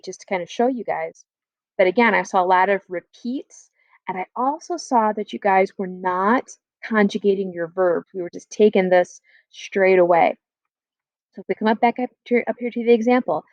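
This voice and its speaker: A woman's voice: mid-range voice, darkish tone, no room sound, highs cut off. A woman teaching a French lesson online, going over homework step by step with encouraging asides. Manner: encouraging, explains step by step, repeats "again" and "okay?".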